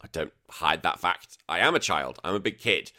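A man's voice: low voice, lively intonation, moderate pace, sharp tone. A man from the UK hosting a retro gaming podcast, chatting casually in a jokey, self-mocking way. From United Kingdom. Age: adult with a young daughter. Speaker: podcast host.

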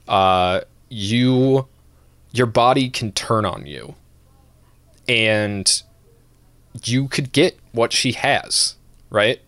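A podcast co-host on a casual stream, this man rants animatedly, swearing a lot and laughing along the way. His voice is mid-range, with no echo.

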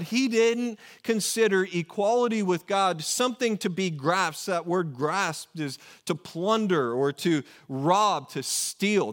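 A man preaching a sermon in a conversational way, often asking rhetorical questions and correcting himself. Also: high voice. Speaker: pastor.

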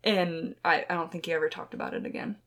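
Talking at a quick pace, a young woman with a fairly low, slightly bright voice and fairly even intonation co-hosts a podcast. Close to the mic, she tells ghost stories in a rambling, chatty manner stuffed with fillers.

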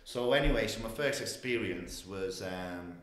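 A man, telling a long story with loose, animated energy. His voice sits a little low, and the room gives it a roomy echo. He talks in a casual, meandering way, full of asides. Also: moderate pace. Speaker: guest.

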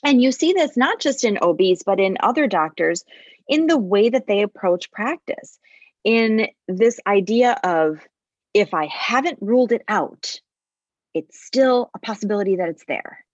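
Husky woman, former labor nurse. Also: medium pitch, unhurried, no room sound, muffled recording. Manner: storytelling, restarts and repeats words, animated when quoting. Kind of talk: casual conversational podcast.

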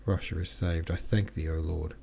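A man's voice: lowish voice, normal speed, gravelly, mellow, a little hiss or hum. A man reading an aged, weary field marshal. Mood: prayerful. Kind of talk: audiobook character reading.

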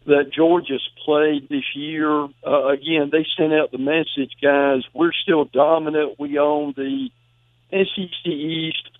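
A man phones in to a sports radio show to analyze college football. He speaks emphatically and often stammers and restarts, his fairly high voice coming through a tinny, dry phone line. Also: dry recording.

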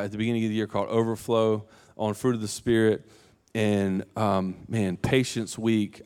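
A man in his thirties, a pastor preaching a sermon in a casual, joking way, with lively voiced quotes. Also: medium pitch. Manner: casual and conversational, animated quotes and jokes.

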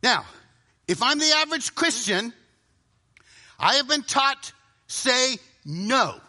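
A middle-aged man preaching a sermon to a live audience, dramatic, often dropping to a hushed voice for emphasis and acting out inner voices. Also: very high-pitched, lively intonation, slow, long pauses.

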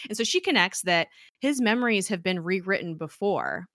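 A woman co-hosting a podcast, recapping a TV episode in casual chat and acting out lines in quick quoted asides. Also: medium pitch, lively intonation, fairly bright tone, no echo, studio quality. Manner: recounts scenes with quick quoted asides, laughs often. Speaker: podcast co-host.

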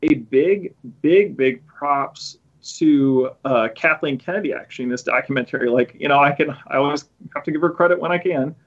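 A man's voice: on the high side, normal speed, hardly any pauses, dull audio. A man hosting a podcast, chatting casually and sarcastically with lots of restarts. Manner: rambling, many restarts, sarcastic asides. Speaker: podcast host. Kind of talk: casual chat.

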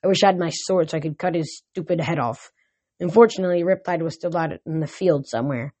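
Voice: mid-range voice, quick pace, darkish tone, no echo. A reader narrating an audiobook chapter in a plain voice, with occasional slips and restarts.

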